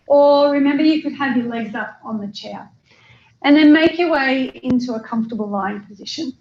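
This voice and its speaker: A woman with an Australian accent leading a yoga class, guiding breathing in a calm, slow way with long pauses. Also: high-pitched, roomy sound, highs cut off. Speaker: yoga teacher. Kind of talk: guided yoga class instruction.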